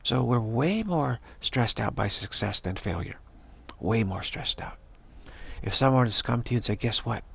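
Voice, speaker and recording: A man's voice: medium pitch, expressive, normal speed, gravelly, fairly bright tone, husky. A man giving an informal spiritual teaching talk in a loose, rambling way, often repeating phrases for emphasis.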